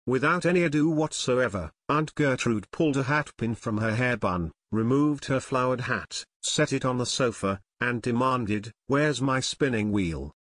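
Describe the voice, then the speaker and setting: A man's voice: medium pitch, dry recording. Dry, close male audiobook narrator. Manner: steady, measured storytelling.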